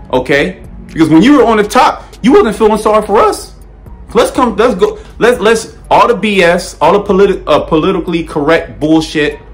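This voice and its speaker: A male preacher delivers a blunt, profane sermon in a fiery style. He swings his pitch up and down as he hammers each point, stumbles over restarts and keeps tagging on "okay?". Faint music plays behind him. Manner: emphatic, repetitive, peppered with "okay?" and "all right?".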